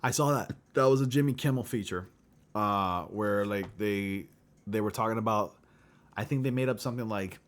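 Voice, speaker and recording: A man's voice: on the low side, moderate pace. A man hosting a casual livestream chat, rambling with lots of filler words and chuckling often. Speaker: livestream host.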